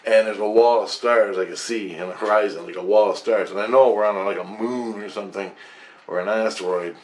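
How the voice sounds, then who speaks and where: Male vlogger, low voice, rambling and profane storyteller, excitable. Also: fairly quick. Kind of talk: personal storytelling to camera.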